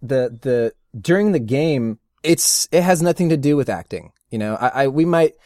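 A middle-aged man, a voice actor, chatting casually as an interview guest and telling rambling, animated stories with frequent laughs. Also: medium pitch, moderate pace, no echo, studio quality. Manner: rambling, animated storyteller who laughs often. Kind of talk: casual anecdotal chat.

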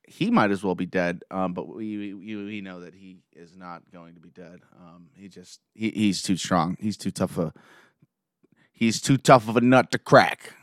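A man excitedly recapping a show episode scene by scene, gushing like a fan. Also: low voice, a little slow, no echo, clean studio sound.

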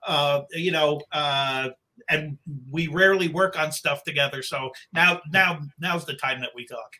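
A man's voice: fairly high pitch, unhurried, bright, forceful tone. Rambling middle-aged man telling stories. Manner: rambling, with many restarts and acted-out quotes. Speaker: guest, book cover artist. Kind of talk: casual storytelling anecdote.

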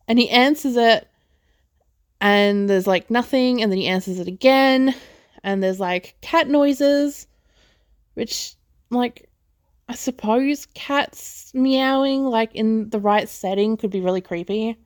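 A woman hosting a podcast, casually reviewing films in a chatty way, full of "like" fillers and quick laughs. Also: fairly high pitch, dry recording, studio quality. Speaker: podcast host, film reviewer. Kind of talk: casual movie review chat.

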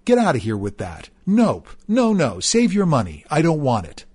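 A man's voice: a little high, wildly swooping pitch, moderate pace, darkish tone, breathy edge, pitched above the performer's own voice, full character voice. A man voicing a dismissive, scornful older woman who brushes off her husband with a curt, contemptuous tone.

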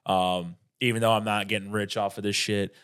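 A man's voice: lowish voice, little pitch movement, normal speed, a bit bright, clean tone. A man talking as a comedian guest on a podcast, rambling in casual chat, often restarting his sentences and swearing freely.

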